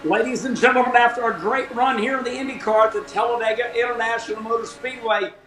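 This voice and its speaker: A grand, formal race announcer, as a man puts him on for a live stream. The voice sits very high, and the sound is roomy and echoey. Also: steady tone, fast talker, fairly bright tone. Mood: grandiose. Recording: echoey room.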